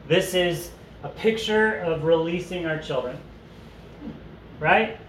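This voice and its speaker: Brief: fairly high-voiced male teacher, chatty with asides, roomy echo, faint hiss. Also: slow pace, fairly bright tone. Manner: conversational, joking asides, reads aloud and comments. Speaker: teacher leading a parent study group. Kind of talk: casual teaching talk with read-aloud passages. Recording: echoey room with faint noise.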